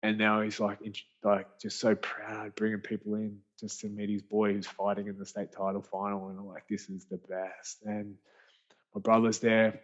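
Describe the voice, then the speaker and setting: A man's voice: lowish voice, moderate pace. An Australian man telling a story as a podcast guest, casual and slangy, with lots of restarts. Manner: animated, rambling, slangy with frequent restarts. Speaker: guest, author and speaker. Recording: dull lo-fi podcast audio.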